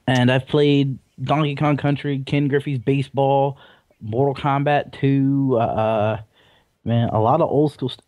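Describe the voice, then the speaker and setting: A man's voice: mid-range voice, a little mellow, no echo. A young man co-hosting a casual gaming podcast, rambling and teasing in a laid-back way. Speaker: podcast co-host.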